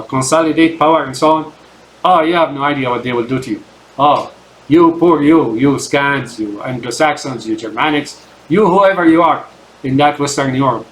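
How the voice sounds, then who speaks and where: A man's voice: on the high side, low-quality recording. A man with a slightly raised voice and a native Arabic speaker's English delivers a loose, emphatic rant to camera. He rambles, repeats himself and keeps checking in with "right?". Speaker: channel host. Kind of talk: ranting monologue to camera.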